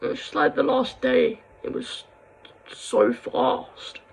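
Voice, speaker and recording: A woman's voice: high voice, fairly even intonation, takes it slowly, gravelly, slightly rough, rough recording. A young woman talks in an emotional confessional vlog, rambling and heartfelt, and at times bursts into angry rants. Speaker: vlogger.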